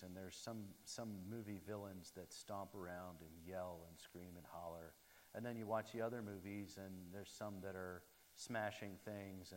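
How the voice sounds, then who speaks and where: A man's voice: lowish voice, a little hiss or hum. A man giving a conversational sermon with many fillers and restarts. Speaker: preacher. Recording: reverberant hall.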